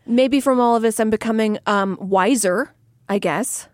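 A woman's voice: on the high side, moderate pace, no echo, clean studio sound. A woman co-hosting a podcast, chatting casually in a reflective, candid way with the odd swear word. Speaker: podcast co-host. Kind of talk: casual chat.

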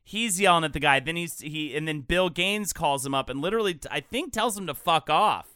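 A man's voice: a little high, lively intonation, brisk, pushed and bright, smooth, no room sound, studio quality. A man co-hosting a casual podcast, chatting and cutting in with comments and casual swearing. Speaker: podcast co-host. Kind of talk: casual chat.

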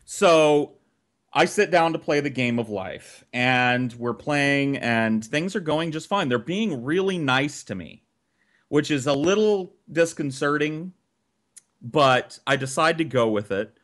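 A man's voice: fairly high pitch, animated, slow pace, a bit bright. A man telling a childhood story on a podcast in casual, profanity-laced chat.

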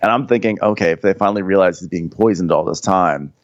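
A man with a very deep voice co-hosts a comedic podcast, recapping a TV episode with wry, dry asides. His mic sounds dry and a little dull, like a lo-fi home recording. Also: fast, no echo. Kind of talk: casual comedic recap chat.

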